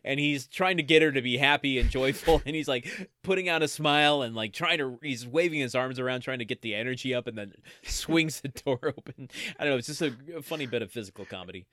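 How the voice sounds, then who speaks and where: Smooth-voiced man in casual podcast chat. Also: medium pitch, quick pace, few pauses, no echo. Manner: relaxed, steers the conversation to the next scene. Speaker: podcast co-host. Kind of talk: casual chat recapping a sitcom.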